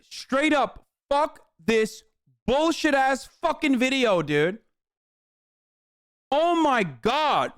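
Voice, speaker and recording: A man with a high voice rants over a video he is reacting to, heated and profane, cursing in nearly every sentence. The sound is dry and close, with no room around it. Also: a bit bright, dry recording. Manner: heated, swears constantly, says "dude" often. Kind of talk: profane ranting commentary.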